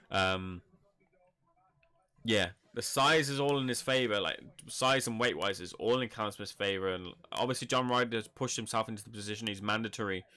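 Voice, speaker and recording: A man hosting a live boxing reaction stream, talking in a chatty, rambling, animated way. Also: lowish voice. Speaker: boxing channel host. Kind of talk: live fight reaction commentary.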